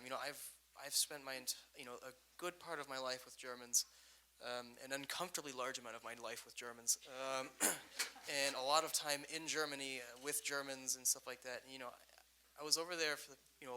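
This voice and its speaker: Bright-voiced man telling a rambling story. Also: mid-range voice, normal speed, slight background noise, low-quality recording. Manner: rambling, many fillers, laughs at his own stories. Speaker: panelist. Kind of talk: casual storytelling on a panel. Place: event room.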